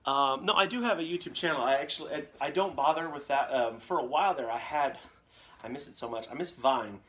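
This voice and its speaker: A man's voice: mid-range voice, a little fast, fairly bright tone. A young man, a voice actor, chatting casually in a live question-and-answer stream, rambling from one anecdote to the next with lots of fillers. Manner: rambling storyteller, jumps between anecdotes with many fillers.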